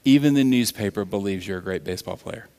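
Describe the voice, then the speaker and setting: A man voicing a boyhood teammate who reassures a friend, speaking softly and a little lower in a hushed way. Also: fast talker, lightly acted. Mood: reassuring. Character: encouraging boyhood teammate, young male friend. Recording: long reverb of a large hall.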